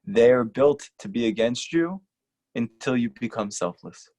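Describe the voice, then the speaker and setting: A man's voice: medium pitch, lively intonation, measured pace, a little mellow. Earnest man preaching a class. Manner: urgent and emphatic, repeats short lines for stress. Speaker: rabbi teaching a class. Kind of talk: earnest sermon-style lecture.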